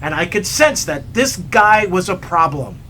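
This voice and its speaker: A man telling a story in a chatty, animated way while hiking outdoors, recorded on a camera mic. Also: sits high, a little slow, a little hiss or hum. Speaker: hiking vlogger. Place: outdoors on a trail.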